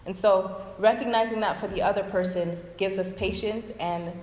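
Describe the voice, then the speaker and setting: A woman giving a relationship talk in a calm, explanatory way. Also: mid-range voice, normal speed. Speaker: youth speaker. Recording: roomy hall reverb, faint noise.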